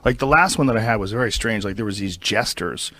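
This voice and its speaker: A man's voice: fairly low pitch, fast, bright, forceful tone. A man casually recounting strange experiences, rambling and filling his talk with "like". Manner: rambling, many "like" fillers.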